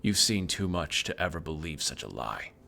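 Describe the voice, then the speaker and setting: Deep-voiced guy streaming a game, reads the text out, yells now and then. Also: very animated, normal speed, gravelly, a little hiss or hum. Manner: reads narration evenly, with sudden loud outbursts. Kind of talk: reading game text aloud while playing.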